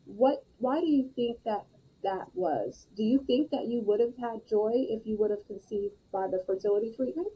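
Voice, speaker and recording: A woman hosting a podcast interview, asking gentle probing questions and affirming her guest. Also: a little high, normal speed, slight background noise, rough recording. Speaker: podcast host.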